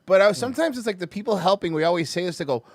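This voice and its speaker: A man hosting a podcast, telling stories in casual chat with animated, profane talk and lots of fillers. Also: high-pitched, very fast, no echo, clean studio sound. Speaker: podcast host.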